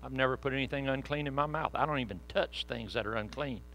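An earnest, pious apostle, as a preacher acts him out, protesting firmly against eating anything unclean. The voice is close to the preacher's own, slightly quieter and with a forceful edge. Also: male voice, medium pitch, fast, vocal fry, slight background noise.

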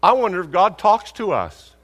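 A man preaching a sermon, telling stories and acting out conversations, asking rhetorical questions with lively emphasis. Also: sits high, normal speed. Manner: animated, acts out dialogue, rhetorical questions. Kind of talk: sermon with storytelling. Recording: long hall reverb.

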